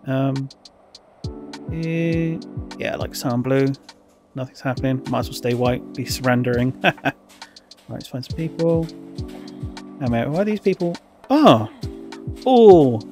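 A man giving excitable, rambling gameplay commentary, full of fillers and urgent chanting. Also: mid-range voice. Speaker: gaming YouTuber.

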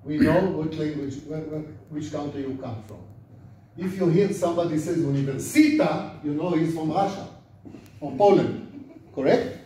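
An older Israeli man, a rabbi, talks at a normal speed in a dark, somewhat high voice during a relaxed classroom lecture. He keeps things conversational, asking the class questions and repeating words so they stick. The room echoes, the mic is far away, and there's faint noise underneath.

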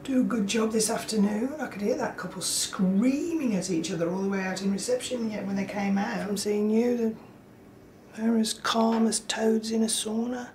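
A woman's voice: on the high side, moderate pace, a little mellow, roomy sound, a little hiss or hum, natural voice, rough recording. An actress playing a distressed pregnant mother in a television drama. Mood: weary.

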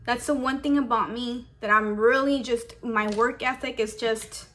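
A woman's voice: on the high side, steady tone, normal speed, a bit bright. A young woman vlogger telling her work story in casual chat, emotional and close to tears, saying "like" a lot. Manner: emotional, holding back tears. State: tearful. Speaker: beauty vlogger. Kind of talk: get-ready-with-me storytime.

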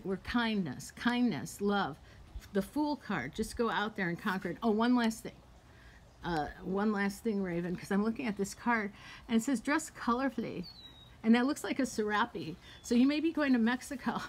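A woman's voice: mid-range voice, a little hiss or hum. A woman giving tarot readings on a casual live stream, chatty and effusive, with casual swearing. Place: at home on a live video call.

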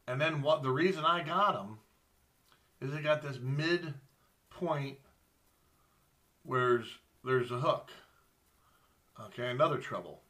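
Slow, bright-voiced folksy charter captain. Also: male voice, mid-range voice. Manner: rambling, folksy, talks straight to viewers. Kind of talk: casual show-and-tell vlog.

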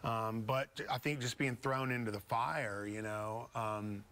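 A man's voice: mid-range voice, fairly even intonation, a little slow, fairly bright tone. A man from Beaumont, Texas, a guest musician telling stories in a studio interview, rambling and easygoing with many fillers. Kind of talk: casual storytelling interview.

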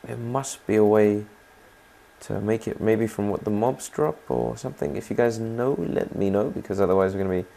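Gravelly man narrating his gameplay. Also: lowish voice, moderate pace, warm tone. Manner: rambling, chatty, asks viewers to comment. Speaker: gaming channel host. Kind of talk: let's play commentary.

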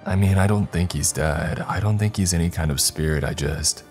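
A man's voice: low voice, normal speed, darkish tone, faint music behind. A man doing a terrified haunted young man. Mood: fearful. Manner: panicked and pleading, breaking into screams. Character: frightened, unraveling young man haunted by a presence.

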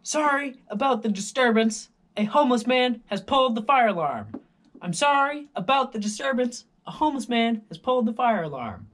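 A man's voice: extremely high pitch, big pitch swings, normal speed, fairly bright tone, pitched above the performer's own voice, full character voice. A man imitating a male building security announcer making formal, apologetic announcements.

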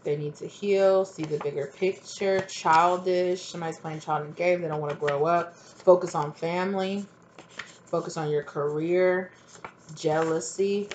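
Low-voiced woman doing a casual tarot reading. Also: fairly even intonation, measured pace, darkish tone, slight background noise. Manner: chatty, blunt, full of fillers. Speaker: tarot reader.

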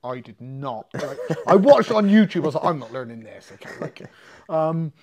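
A man, a fighter as podcast guest, telling lively stories and acting out conversations. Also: fairly high pitch, moderate pace, crowd noise. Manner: animated, swearing, acts out quoted exchanges. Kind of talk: casual storytelling.

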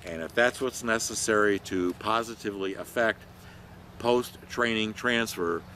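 A man's voice: fairly low pitch, unhurried, bright, forceful tone, a little hiss or hum. An older man who works as a training consultant, telling stories about his career in a rambling, conversational way with many fillers. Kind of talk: reflective talk to camera.

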